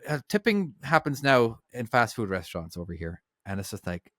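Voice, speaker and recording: Relaxed guy co-hosting a trucking podcast, chatty, dry mic sound, lots of uhs and likes. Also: medium pitch, moderate pace, no room sound. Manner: easygoing, chatty, full of fillers. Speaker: podcast co-host, truck driver. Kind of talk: casual podcast chat.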